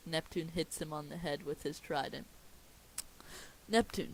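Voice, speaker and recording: A woman's voice: low voice, measured pace, creaky, long pauses, a little hiss or hum, poor audio. A young woman casually reading a cartoon script aloud, breaking into giggles and chatty asides. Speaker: script reader.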